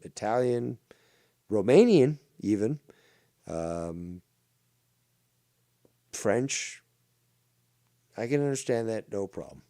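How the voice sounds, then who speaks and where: A man's voice: lowish voice, very animated, takes it slowly, long pauses, dark tone, no echo, clean studio sound. A man from Ontario, hosting a ranting commentary show with a mocking, profane, insulting manner. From Ontario, Canada.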